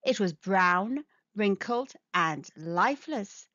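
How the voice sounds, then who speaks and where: A woman reading a children's storybook aloud in a slow, sing-song, expressive way. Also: mid-range voice, no room sound. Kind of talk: children's read-aloud narration. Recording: dull lo-fi sound.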